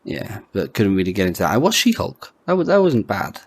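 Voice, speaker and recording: A man's voice: lowish voice, huge pitch swings, a little fast, slightly rough, no echo. A man co-hosting a casual podcast chat at home, hesitant and full of stammered restarts. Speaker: podcast co-host.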